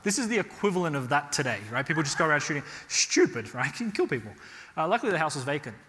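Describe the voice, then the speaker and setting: Speaking fast in a fairly high pitch, this Australian man leads a live real estate workshop. His storytelling is lively and peppered with check-ins of "right?", all echoing with hall reverb.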